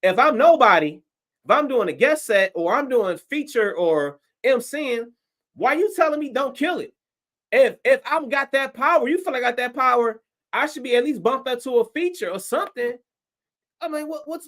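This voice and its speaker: Profane animated comedian man. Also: very high-pitched. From Detroit. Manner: profane, animated, acts out his own reactions. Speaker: stand-up comedian. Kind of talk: livestream storytelling rant.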